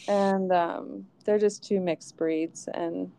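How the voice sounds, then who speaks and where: A woman's voice: lowish voice, creaky, dark tone. A woman who is a guest on a podcast, chatting casually and trailing off between thoughts with many fillers. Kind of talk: casual interview chat.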